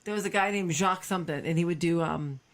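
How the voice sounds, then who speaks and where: A woman co-hosting a podcast, quick to react and tease in casual banter. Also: fairly low pitch. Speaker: podcast co-host.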